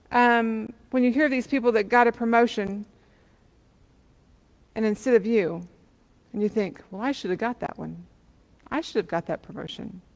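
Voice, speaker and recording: A woman's voice: fairly high pitch, big-room sound. A woman preacher telling a parable in a sermon, with many questions to the listeners.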